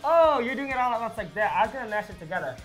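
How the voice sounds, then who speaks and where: Young female vlog host, high and animated, giggly, speech muffled by a mouthguard, music bed. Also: very fast. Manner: giggly, joking, talks around a mouthguard. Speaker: challenge video host. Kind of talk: casual chat. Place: studio.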